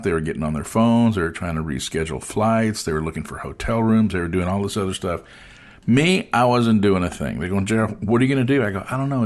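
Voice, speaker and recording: Low-voiced man telling a story. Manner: animated storyteller acting out quoted voices. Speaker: host. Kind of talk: casual storytelling chat.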